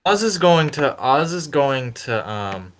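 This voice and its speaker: A man's voice: medium pitch, very animated, takes it slowly, fairly bright tone. A man playing a tabletop game, talking casually and often restarting as he works out what his character does. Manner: casual, repeats phrases while deciding actions. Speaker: player.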